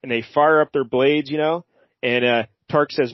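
A man's voice: mid-range voice, brisk, no room sound. A male podcast host recapping a comic in loose, jokey chat. He rambles and fills his speech with plenty of "uh"s. The sound is dry and dull, like a lo-fi recording. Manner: rambling and jokey, with many fillers.

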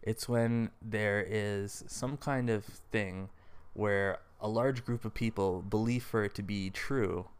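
A man's voice: fairly low pitch, steady tone, slow, clean tone. A man co-hosting a casual podcast, teasing his guest as he runs a quiz game. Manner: playful quiz-master, teasing. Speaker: podcast co-host. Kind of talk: casual chat.

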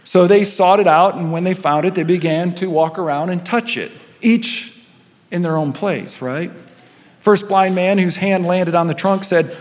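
A senior pastor's high voice, a little slow, fills a church auditorium that adds long hall reverb. He weaves stories into his sermon, building intensity and letting it ease off again.

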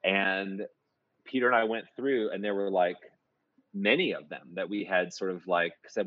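A man's voice: low-pitched, steady tone, moderate pace, no room sound, lo-fi sound. A man who writes musical theater, chatting in an interview and rambling through many restarts and fillers. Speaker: musical theater composer and lyricist. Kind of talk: casual interview chat.

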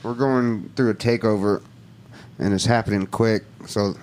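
A man's voice: on the low side, fairly even intonation, normal speed, darkish tone, slight background noise. A man in his thirties co-hosting a casual podcast, laid-back, laughing and swearing about work and family. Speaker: podcast co-host. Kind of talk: casual chat.

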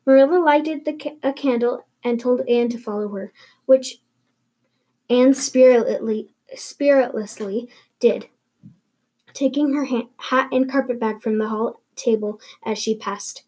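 Woman reading a novel aloud, stumbles often, mellow, husky, fairly high voice. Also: unhurried. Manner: frequent stumbles and restarts. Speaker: reader.

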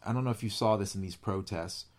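A man's voice: on the low side, fast talker. A man co-hosting a podcast, talking casually and earnestly, his voice climbing when he is moved. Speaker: podcast co-host. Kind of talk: casual conversation.

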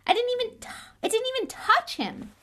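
A woman's voice: on the high side, very animated, brisk, fairly bright tone, slight background noise. Young boy wizard, fierce and hot-tempered, read by a woman. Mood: angry. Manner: fierce, voice shaking with anger. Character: angry young schoolboy wizard.

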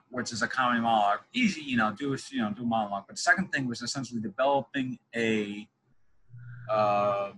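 Bright-voiced young man chatting. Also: mid-range voice, slight background noise, poor audio. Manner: chatty, digressive storytelling. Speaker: interviewer. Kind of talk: casual conversation.

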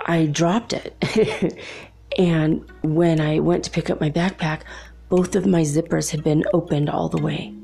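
Young woman, casual storytelling, low gravelly voice, mellow tone, faint music behind. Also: flat delivery, measured pace. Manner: chatty, laughs often between remarks.

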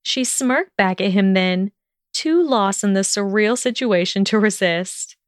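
A woman narrating a fan fiction story in a steady, even storytelling manner. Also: medium pitch, a little slow, smooth, dry recording, studio quality.

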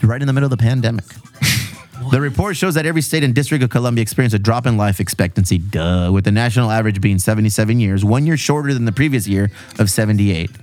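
A man's voice: fairly low pitch, fast, darkish tone, no echo, soft background music. A man from California hosting a casual podcast, reading news stories and joking loosely with lots of swearing and "bro". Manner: loose and profane, peppered with "bro" and "dog". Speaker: podcast host.

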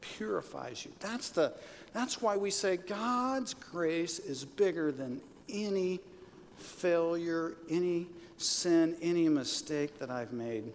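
A pastor with a slightly high voice preaches in a relaxed, conversational way, pushing up into emphatic peaks. His voice carries the long reverb of a big church hall, with faint noise underneath. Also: slow. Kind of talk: sermon. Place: church sanctuary.

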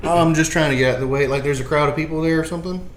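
A man's voice: on the high side, fairly even intonation, very fast, a little hiss or hum. A man playing a tabletop game, explaining his moves casually with lots of "like". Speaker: player. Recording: roomy echo.

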